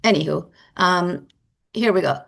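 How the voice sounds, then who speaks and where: Woman, anatomy lecturer, gravelly voice, repeats key points, explanatory teaching style. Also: fairly low pitch, a little slow.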